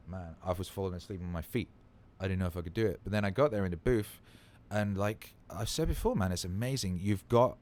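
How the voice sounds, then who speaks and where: A tired man hosting a livestream, chatting loosely and swearing freely as he greets viewers. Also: lowish voice. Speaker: livestream host. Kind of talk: casual livestream chat.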